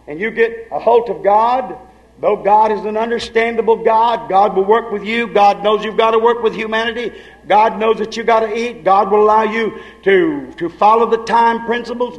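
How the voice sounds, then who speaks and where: A man preaching a sermon with fervor, dropping to hushed lines and then rising to shouts. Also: sits high, poor audio.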